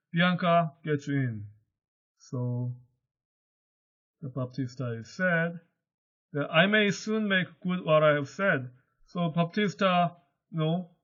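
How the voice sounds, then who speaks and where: A male teacher whose first language is Korean explains a play in English, paraphrasing each quoted line in simple words and going higher when he reads lines aloud. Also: fairly bright tone. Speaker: high school English teacher. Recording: dull lo-fi recording.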